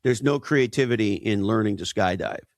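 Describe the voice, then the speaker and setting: A man's voice: lowish voice, normal speed, no room sound. A man speaking as an interview guest, emphatic and punchy, tossing out rhetorical questions. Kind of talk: conversational interview.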